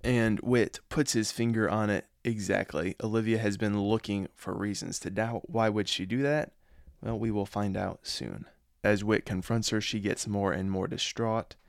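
A man giving an earnest, reflective spoken review of a drama episode, often pausing to muse and admitting he is unsure. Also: fairly low pitch, fairly even intonation, creaky, no echo, studio quality.

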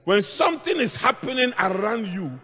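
A middle-aged male pastor preaching a sermon, moving between hushed asides and shouted points as he tells stories. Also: sits high, big pitch swings, normal speed, slightly rough. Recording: long hall reverb.

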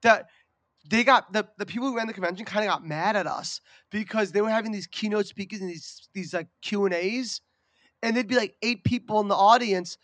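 A man co-hosting a podcast, telling a story in an animated, profane, casual way. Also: high-pitched, a little fast, dry recording. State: recovering from a lost voice. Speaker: podcast co-host. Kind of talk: casual chat.

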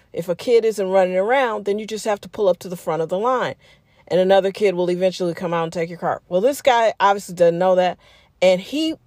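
A woman's voice: mid-range voice, dry recording. Chatty woman telling a story, dry sound. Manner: animated, chatty, with quoted dialogue and asides. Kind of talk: casual storytelling monologue.

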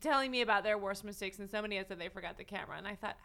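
A woman's voice: medium pitch, very fast, vocal fry, a bit bright. A woman guesting on a casual podcast, bubbly, teasing and encouraging. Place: small studio room with frosted glass windows.

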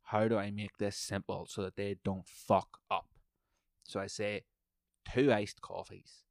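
A man's voice: on the low side, level tone, unhurried, vocal fry, no echo, clean studio sound. A man, hosting a podcast and telling a heated, profanity-heavy story. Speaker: podcast host. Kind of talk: profane ranting monologue.

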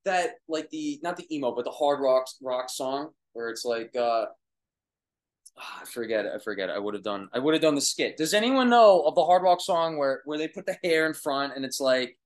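A young oral surgery resident with a Long Island, New York accent fields viewer questions during a relaxed livestream from his apartment, captured on a phone or webcam. He's excitable and talkative, frequently restarting sentences or letting them trail off. His voice sits in the mid range and moves at a moderate pace.

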